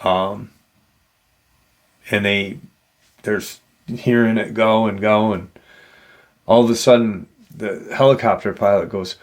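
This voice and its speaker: Slow, gravelly-voiced man telling a story. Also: lowish voice, steady tone. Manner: halting, full of "you know" fillers. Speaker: paranormal storyteller host. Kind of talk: retelling an encounter story.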